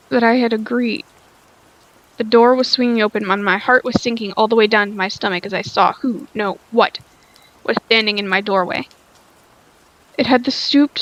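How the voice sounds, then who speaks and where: A woman's voice: fairly high pitch, fairly bright tone, dry recording, dull audio. A woman reading a story aloud, sounding tired, stumbling over lines and rereading them. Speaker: story reader.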